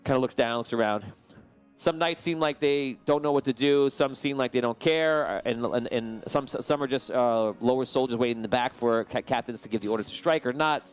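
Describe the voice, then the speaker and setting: A man's voice: medium pitch, fairly quick, clean tone, faint music behind. A man narrating as game master of a tabletop game, describing the action casually with frequent fillers and restarts.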